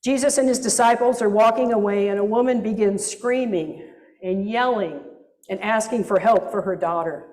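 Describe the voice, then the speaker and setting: Woman pastor, sermon; higher voice, very slow and deliberate, reflective with wry asides; echoing church hall. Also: darkish tone.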